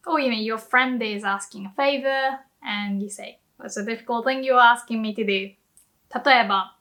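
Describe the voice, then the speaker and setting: A woman teaches in a chatty, giggly way, walking through everyday examples. Her voice sits high and sounds bright and sharp. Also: moderate pace. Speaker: Japanese language teacher. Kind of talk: casual language lesson.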